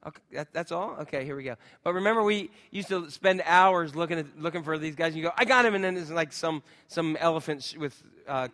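A man preaching a casual sermon, chatting with the congregation and filling pauses with ums. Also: on the high side, fairly bright tone, big-room sound. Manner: chatty, talks with the crowd, many ums. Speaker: pastor.

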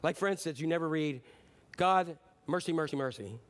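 A man preaching a sermon as pastor, animated, often acting out voices and repeated words for emphasis. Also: a little high, brisk. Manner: animated, acts out voices and repetitions.

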